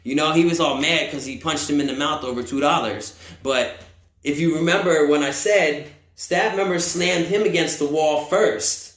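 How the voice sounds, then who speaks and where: A man with a slightly high voice tells a wild story casually, swearing freely and acting out the people in it. His voice rings a little in a roomy, echoey space. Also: normal speed. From United States. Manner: profane, animated, acts out quotes. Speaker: vlogger telling a story. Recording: roomy echo.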